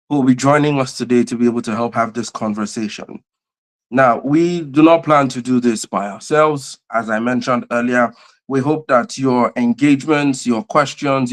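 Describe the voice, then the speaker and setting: A man hosting a livestream, greeting viewers by name and repeating his phrases with lots of energy. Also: mid-range voice. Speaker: host and convener of a livestream. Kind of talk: livestream opening chat.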